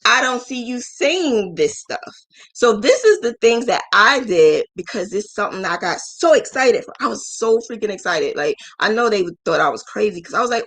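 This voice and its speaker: A woman hosting a live business mentoring stream, frank and emotional, acting out quoted voices with big jumps in pitch. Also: lively intonation, normal speed, fairly bright tone. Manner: frank, emotional, scolding yet affectionate. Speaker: business mentor and crochet channel host.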